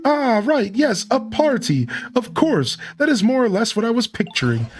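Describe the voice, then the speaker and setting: A man's voice: extremely high pitch, sing-song, normal speed, faint music behind, voice pushed up. A man voicing a courteous Greedent squirrel Pokémon with a Southern US accent. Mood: polite. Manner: prim and polite.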